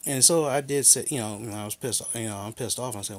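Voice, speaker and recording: A man's voice: mid-range voice, fairly quick. A man telling a personal story in a rambling, aggrieved rant, full of restarts and quotes of what others said. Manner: aggrieved and frank. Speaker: vlogger.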